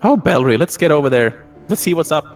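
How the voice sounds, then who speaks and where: Lively, playful man at a game table. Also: a little high, fast talker, faint music behind. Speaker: player. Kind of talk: casual tabletop game play.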